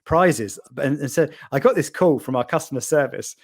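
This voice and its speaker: A male podcast guest with a medium-pitched voice shares lively anecdotes at a normal pace. His style is casual storytelling, and he acts out the voices of the people he quotes.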